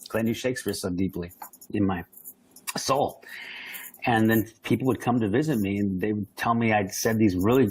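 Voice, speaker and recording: Husky-voiced man telling stories. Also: on the low side, moderate pace, poor audio. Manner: animated, acts out quoted voices. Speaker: guest. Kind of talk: storytelling interview.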